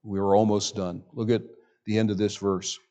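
A man preaching a sermon as pastor in a church, reading scripture slowly and swinging from loud emphasis to near-hushed speech. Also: lowish voice, flat delivery. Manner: reads scripture slowly and deliberately. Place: church sanctuary with a sound system.

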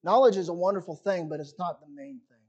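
High-voiced preacher man, muffled recording. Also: quick pace. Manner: dramatic preaching, rising and falling sharply in volume. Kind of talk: sermon.

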